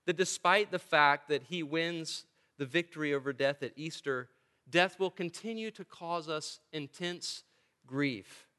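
Preacher with a bright, resonant voice. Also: male voice, fairly high pitch, unhurried, clear, resonant tone. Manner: earnest, emphatic preaching with dry humor. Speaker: pastor. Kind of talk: sermon. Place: church. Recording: long church reverb.

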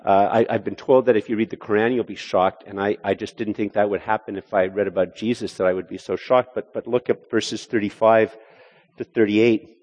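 A male preacher giving a sermon, animated and full of restarts as he voices a skeptic's objections. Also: lowish voice, brisk, lo-fi sound. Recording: hall reverb.

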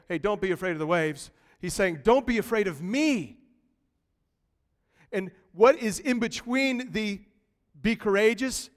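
Man, pastor, lively conversational sermon, high-pitched, long church-hall reverb. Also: smooth. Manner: lively, conversational preaching with big swings in loudness. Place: church sanctuary.

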